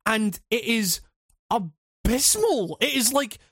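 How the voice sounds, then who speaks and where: A man's voice: extremely high pitch, sing-song, takes it slowly, a bit bright, slightly rough, no room sound, studio quality. A man on a podcast, ranting casually with lots of swearing, fillers and restarts. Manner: rambling, profane, many restarts and fillers. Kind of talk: casual chat.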